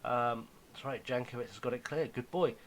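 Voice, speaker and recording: A young man giving casual, self-mocking commentary on his football management game, now and then dropping to a hushed aside. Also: mid-range voice, normal speed, a little hiss or hum, rough recording. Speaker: gaming YouTuber.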